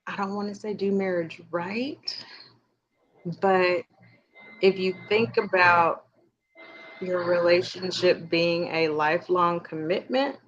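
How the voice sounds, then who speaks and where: Female podcast co-host, unhurried, lowish voice, muffled sound. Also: steady tone. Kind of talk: casual chat. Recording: muffled lo-fi audio.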